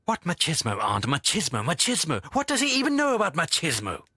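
An actor playing a moody, defensive young man in a dubbed TV drama, with a husky voice and irritable manner. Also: on the high side, huge pitch swings, fairly quick, pushed and bright, no room sound, clean studio sound, exaggerated voice.

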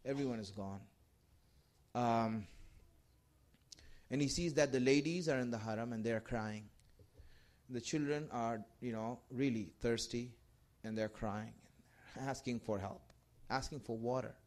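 A man's voice: medium pitch, a little slow, darkish tone. A man telling a religious story as a sermon, emphatic and repeating key phrases. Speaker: religious speaker.

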